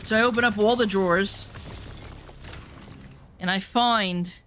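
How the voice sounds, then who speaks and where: A woman telling rambling, animated anecdotes in a casual chat, full of swearing. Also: medium pitch, unhurried, a little hiss or hum. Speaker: storyteller.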